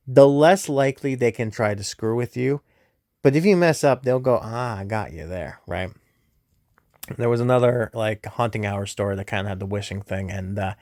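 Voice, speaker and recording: Man, gaming YouTuber, casual story recap, rambling, lots of fillers, mid pitch, dry sound. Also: a little mellow, no room sound. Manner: rambling, many fillers and self-corrections.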